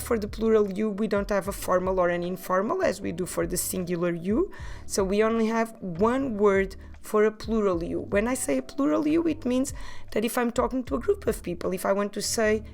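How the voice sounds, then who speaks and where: A woman teaching a podcast language lesson, modelling words slowly and carefully and having listeners repeat after her. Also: medium pitch, gravelly. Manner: slow, careful pronunciation drills with repetition.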